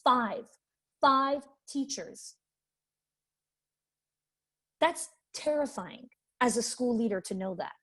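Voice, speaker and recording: A woman's voice: fairly high pitch, animated, slow pace, long pauses, sharp tone. A woman leadership coach teaching a webinar in an emphatic way, repeating her key points. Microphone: webinar microphone.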